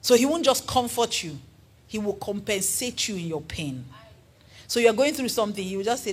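A woman preaching a sermon in an earnest, animated way, asking her listeners questions. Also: on the high side, fast talker, husky.

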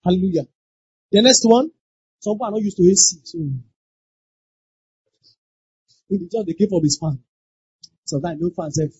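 A pastor preaching a sermon, emphatic, repeating lines and breaking into shouted exclamations. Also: medium pitch, normal speed, pauses often, no room sound. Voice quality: very husky. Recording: dull lo-fi dry recording.

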